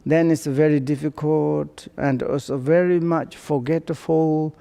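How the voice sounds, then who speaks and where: An older man giving a Buddhist dharma teaching, speaking halting English and searching for words as he goes. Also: on the high side, steady tone, gravelly, warm tone, clean tone. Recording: long hall reverb.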